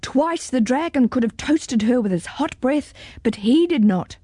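Slow, expressive woman reading a storybook. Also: sits high, husky, dry recording, clean studio sound. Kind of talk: storybook read-aloud.

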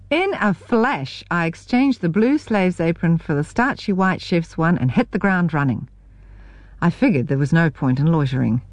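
A woman from New Zealand narrates her own memoir with wry, expressive humour. Her low voice ranges widely in pitch across each sentence, and the recording is close and dry with no room sound.

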